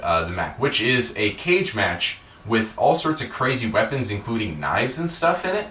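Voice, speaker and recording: A man with a lowish, pushed, bright voice hosts a podcast at normal speed, very animated as he casually rambles through a wrestling show recap with fillers and curse words. A little hiss or hum sits under an echoey, distant-mic recording.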